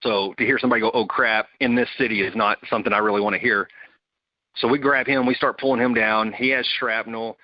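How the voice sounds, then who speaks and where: A man's voice: mid-range voice, fast talker, no room sound. A man, a Marine veteran, telling a story casually and acting out the quoted voices of his buddies. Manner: animated, acts out quoted voices. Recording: dull, dry close recording.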